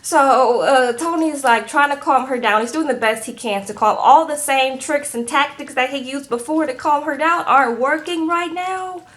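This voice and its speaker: A woman's voice: sits high, normal speed, few pauses. Chatty woman. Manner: animated, acts out the people she recaps, tags lines with "okay?". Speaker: reality TV recap host. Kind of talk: casual recap chat.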